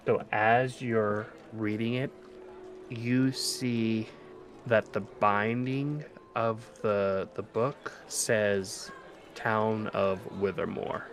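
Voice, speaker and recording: A man's voice: on the low side, fairly even intonation, very slow, soft background music. A man narrating a tabletop game as game master, laid-back with many fillers.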